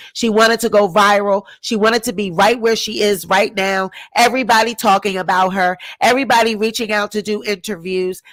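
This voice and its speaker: A commentary YouTuber rants indignantly to her viewers, hammering home her points again and again. She swings between sharp exclamations and low muttering.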